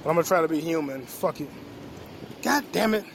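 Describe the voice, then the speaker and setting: A man's voice: fairly high pitch, animated, fairly quick, gravelly. A young man hosting a casual vlog outdoors on a city street, rambling and swearing as he jokes to himself. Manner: rambling, profane, joking to himself. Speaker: podcast host. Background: street traffic noise.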